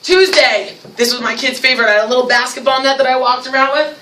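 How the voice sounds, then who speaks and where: A woman with a North Jersey accent leading a teacher training workshop, lively and acting out classroom scenes. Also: high voice, quick pace, a little hiss or hum. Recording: echoey room, mic from far off.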